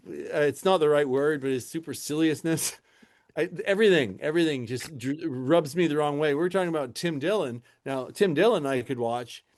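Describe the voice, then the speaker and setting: Male podcast guest, slightly high voice, dry and hesitant humor. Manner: wry, hesitant, word-searching. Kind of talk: casual podcast chat.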